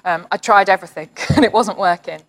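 A woman's voice: mid-range voice, fairly quick, a bit bright, low-quality recording. A woman giving an informal online sermon, reading psalms aloud in an earnest, encouraging way. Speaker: church leader.

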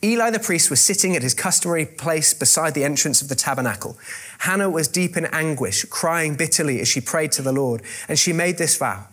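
A man's voice: fairly high pitch, expressive, a little fast, fairly bright tone. A man preaching a sermon, retelling a scripture story with wry joking asides and frequent fillers and restarts.

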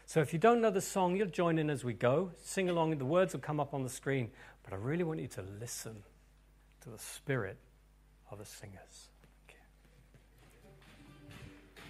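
A man preaching and praying over his congregation, his voice sitting a little above the usual male range. He drops to hushed, breathy whispers, then climbs into loud, fervent proclamations. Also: a little high, animated, moderate pace, long pauses, soft background music. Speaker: pastor. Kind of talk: sermon and prayer.

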